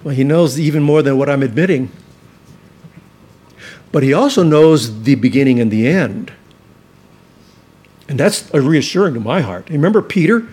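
A man preaching a sermon as pastor, earnest and emphatic, slowing down to stress key words. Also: on the high side, animated, a little mellow, breathy edge.

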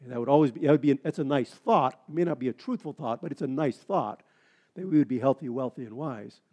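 A male pastor preaching a sermon, with frequent halting restarts that build into emphatic, rising delivery. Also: medium pitch, mellow.

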